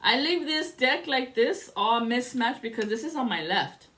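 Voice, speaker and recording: Woman tarot reader, casual and profane, a little high-pitched, rambling storyteller. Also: moderate pace, noisy background. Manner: excitable storytelling.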